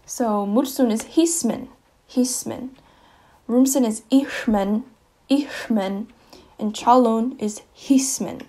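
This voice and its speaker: A woman giving a casual slideshow lesson, saying each example word twice, with fillers and quick self-corrections. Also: a little high, a little mellow. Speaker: presenter explaining languages.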